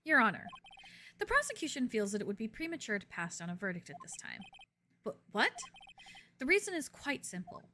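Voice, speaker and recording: A woman's voice: a little high, big pitch swings, bright, forceful tone, slight background noise. A woman reading a cold, formal male prosecutor. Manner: measured, lecturing and cutting. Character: cool, formal male prosecutor, young adult. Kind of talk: fan voice-over of a game's dialogue.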